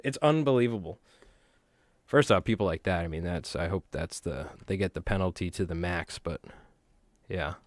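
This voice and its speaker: This is a deep-voiced man with a New York accent running a fly tying livestream, where he rambles, chats, and jokes with his viewers as he ties. His pace is moderate. The sound is dry and studio-clean.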